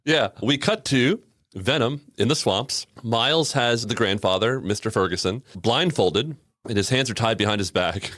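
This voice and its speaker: A man's voice: medium pitch, moderate pace, fairly bright tone, dry recording, studio quality. A man co-hosting a podcast in casual chat, reviewing a cartoon episode with a wry, sarcastic manner. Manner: wry and sarcastic, laughs often. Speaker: podcast co-host.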